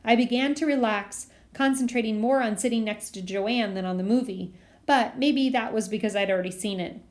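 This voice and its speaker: A woman reading a children's novel aloud as an audiobook, with steady storytelling. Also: on the high side, brisk. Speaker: reader.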